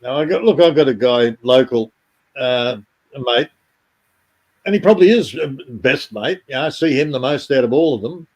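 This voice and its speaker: Casting: easygoing man, mid pitch, relaxed casual call talk. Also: moderate pace. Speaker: friend on call. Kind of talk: casual chat.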